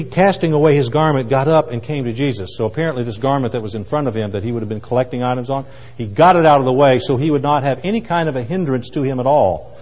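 A man preaching a sermon, swinging from loud cries to hushed, quiet asides. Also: medium pitch. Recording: muffled, with long hall reverb.

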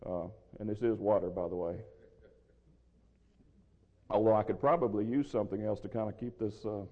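A man teaching through a Bible passage verse by verse, measured and explanatory, with a dry throat he soothes with water. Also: fairly low pitch, steady tone. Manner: measured, explanatory, restarts phrases. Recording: lo-fi with long hall reverb.

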